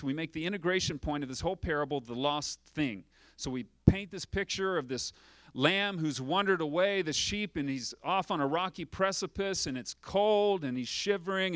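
A man's voice: a little high, a bit bright, dry recording. A man preaching a sermon as pastor, asking rhetorical questions and acting out little dialogues.

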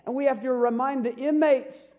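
High-voiced man in his fifties preaching. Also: moderate pace. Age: 50s. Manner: animated, humorous preaching with rhetorical questions. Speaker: pastor. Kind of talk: sermon.

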